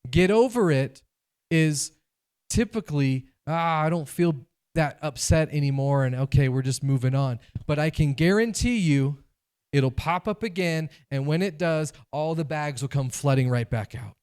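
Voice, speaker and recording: A male pastor preaching a sermon, animated and conversational, acting out quoted voices. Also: fairly high pitch, moderate pace, clean tone.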